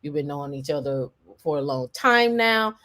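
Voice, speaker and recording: A woman's voice: deep voice, lively intonation, normal speed, fairly bright tone. A woman hosting a casual tech livestream, talking in a rambling way with many fillers and restarts. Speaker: show host.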